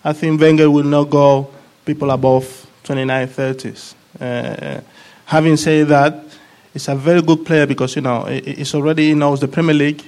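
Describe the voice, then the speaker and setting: Man, former player on a panel, halting delivery, repeats himself, voice a bit high. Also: steady tone, a little mellow. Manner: halting, repeats words while searching for them. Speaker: guest, former player of the club. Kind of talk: casual panel chat.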